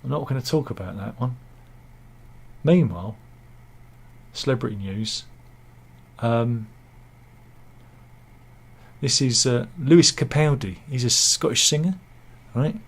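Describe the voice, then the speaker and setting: A man's voice: mid-range voice, takes it slowly, vocal fry, long pauses, slightly rough. A man giving casual satirical news commentary, full of wry self-mocking asides and mock-dramatic quips. He talks over pictures he shows. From England.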